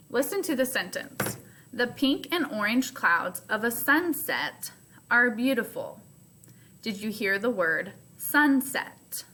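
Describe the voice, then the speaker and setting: Slow, patient woman teaching phonics. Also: medium pitch, bright, forceful tone. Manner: slow, patient, explains step by step. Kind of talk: recorded remote phonics lesson.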